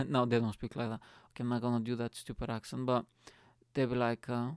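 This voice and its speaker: A young man from Bulgaria hosting a comedy podcast, delivering a profane, animated, rambling monologue. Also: mid-range voice, fast talker, smooth, no echo, studio quality.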